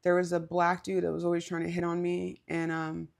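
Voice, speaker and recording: A woman's voice: fairly low pitch, monotone, brisk, creaky, darkish tone. A woman co-hosting a podcast, telling a story in a candid, casual way, swearing and laughing as she goes. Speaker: podcast co-host.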